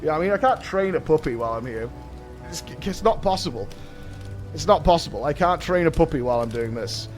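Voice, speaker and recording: A man with a hoarse voice chatting excitedly with his stream audience, swearing freely and repeating himself as he reads chat. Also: a little high, fairly quick, soft background music. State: hoarse from shouting. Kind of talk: casual chat with a live audience.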